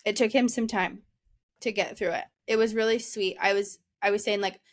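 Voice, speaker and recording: A woman's voice: steady tone, normal speed. Brief: young female podcast co-host, casual chatty storyteller, laughs a lot. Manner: chatty, laughs often, acts out quotes in a high voice. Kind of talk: casual chat.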